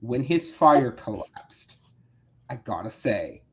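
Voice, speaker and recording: A man's voice: mid-range voice, sing-song, slow, a crowd in the background. A man co-hosting a reality-TV recap podcast in casual chat, musing aloud with laughs and rambling restarts. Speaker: podcast co-host.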